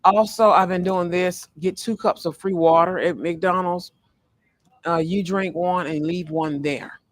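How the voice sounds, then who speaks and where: Male tarot reader, high voice, casual vlog, meandering delivery with many fillers and restarts. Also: fairly even intonation, unhurried, no echo. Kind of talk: casual spiritual card reading vlog. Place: sitting in a fast-food restaurant.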